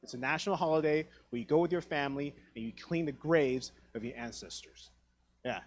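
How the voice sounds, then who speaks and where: On a theatre stage, a man from Taiwan in his thirties performs stand-up in a voice on the high side, talking fairly quickly. He swears, pokes fun at himself, and performs quoted lines of dialogue.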